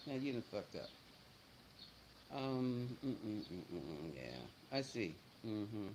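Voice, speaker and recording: A man's voice: on the low side, lively intonation, extremely slow, noisy background. A middle-aged man hosting a casual livestream, greeting viewers by name and answering chat comments in a blunt, chatty way. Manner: blunt and scolding toward trolls. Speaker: livestream host.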